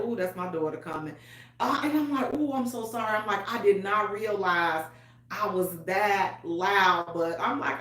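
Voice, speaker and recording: A woman hosting a radio talk show, chatting casually and loudly with her listeners. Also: mid-range voice. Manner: chatty, loud and animated, with African American Vernacular English. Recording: roomy echo.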